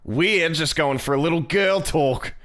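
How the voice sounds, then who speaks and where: A man's voice: fairly high pitch, a bit bright, voice pushed up. A man voicing a sassy, pushy female dinosaur girl in a put-on Australian accent, drawling out teasing lines. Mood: smug. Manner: teasing, drawn-out sing-song lines.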